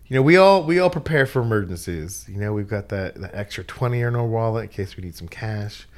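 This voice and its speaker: Guy w a lowish voice on a podcast, jokey and self-deprecating, explains stuff plainly. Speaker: podcast guest. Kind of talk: casual interview chat.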